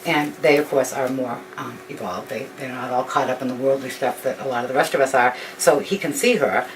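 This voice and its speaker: A woman's voice: very deep voice, a little fast. A woman retelling a story informally, rambling with frequent ums and restarts. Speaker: author telling her story. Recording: distant mic with faint background noise.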